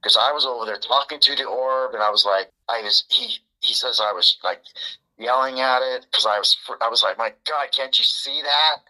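A man, a podcast guest, telling a story in a casual, animated way and acting out the dialogue. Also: mid-range voice, fairly quick, low-quality recording. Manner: animated, acts out quoted dialogue.

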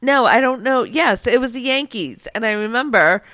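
A middle-aged woman co-hosting a podcast, chatting in an animated, emphatic way. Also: on the high side, moderate pace. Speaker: podcast co-host. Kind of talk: casual chat.

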